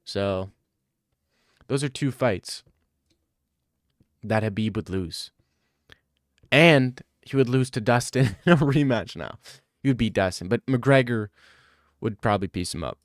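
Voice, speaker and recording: A man's voice: on the low side, measured pace, pauses often, no echo, studio quality. A man hosting a casual podcast chat, rambling and joking in loose banter.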